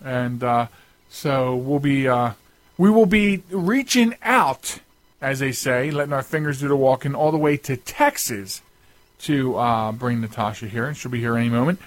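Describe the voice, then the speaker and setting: A man's voice: medium pitch, animated, moderate pace, no room sound. A man hosting a radio talk show, chatting casually and rambling with lots of restarts and asides.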